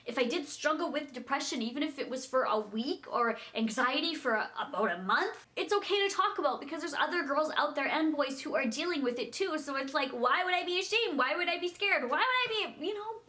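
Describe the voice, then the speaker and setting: A woman's voice: sits high, animated, fairly quick, few pauses, pushed and bright. A young woman chatting casually in a vlog as she packs, rambling and giggling as she talks. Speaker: vlogger.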